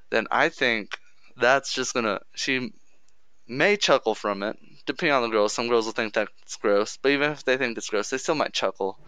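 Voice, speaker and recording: A young man jokes and teases in boisterous casual chat. His voice is bright and crisp. It is recorded dry and close, with no room sound. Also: medium pitch, normal speed, no echo. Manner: joking, boisterous, teasing.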